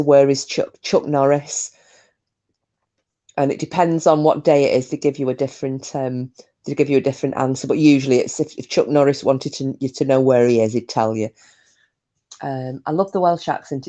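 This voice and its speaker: On her casual live stream, a woman with a low voice and Australian accent addresses viewers by name as she chats, often dissolving into giggles. Her sound is mellow.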